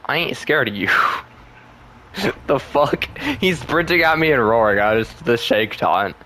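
There's a slight hiss or hum behind this young man's unhurried, mid-range voice as he commentates his gameplay for his gaming channel. He's excitable, laughs a lot, and swears and trash-talks freely.

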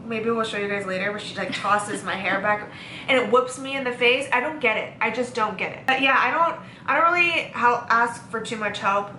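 A young woman hosting a casual chat, talkative and quick to laugh. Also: fairly high pitch, pushed and bright. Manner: laughs often, chatty and playful. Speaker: host. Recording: echoey room, faint background noise.

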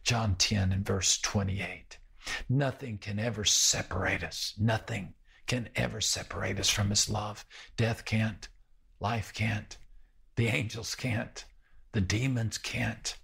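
A male pastor preaching a sermon in a slow, measured way, with pauses and repeated phrases. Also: on the low side, gravelly, a bit bright, husky.

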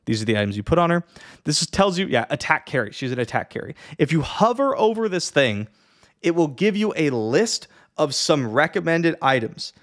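A man casually explaining a strategy game to beginners in a chatty, lively way, with many fillers and the odd yawn. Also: on the high side, normal speed. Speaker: streamer teaching a strategy game. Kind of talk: casual tutorial talk.

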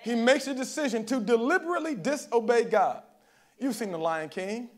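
A man delivers a sermon to his congregation in a relaxed, talky preaching style. His voice sits noticeably high for a man, and he keeps pausing to check that the room is following him. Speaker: pastor. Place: church service.

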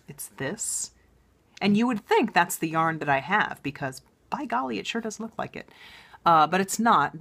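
A woman with a low-pitched voice hosts a knitting show in a relaxed, chatty way. She sounds enthusiastic and talks as if thinking aloud, with frequent ums and restarts. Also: slightly rough. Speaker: knitting podcast host. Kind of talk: casual show-and-tell chat.

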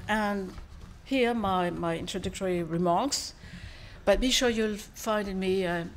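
A foreign minister, a woman whose first language is French and who speaks with a French accent, gives a formal speech and takes questions. Her mid-range voice is measured, with frequent pauses and fillers.

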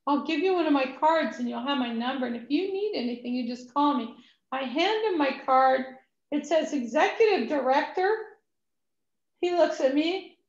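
A woman's voice: high-pitched, expressive, moderate pace. A woman, a ministry executive director, telling a testimony story and acting out the dialogue. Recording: echoey room, dull lo-fi sound.

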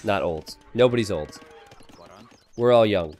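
A young man casting a game live for his stream, joking with chat and teasing himself in an excitable way. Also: on the low side, a little slow, faint music behind.

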